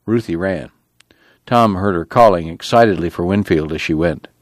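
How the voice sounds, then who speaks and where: A man narrating an audiobook in a measured, steady storytelling manner. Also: sits low, dry recording.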